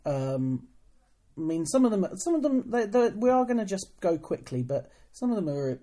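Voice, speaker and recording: A woman's voice: mid-range voice, sing-song, moderate pace, mellow. A woman co-hosting a wrestling podcast from a hotel room, talking in a dry, rambling, self-deprecating way. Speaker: podcast co-host, wrestling promoter. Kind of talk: casual chat.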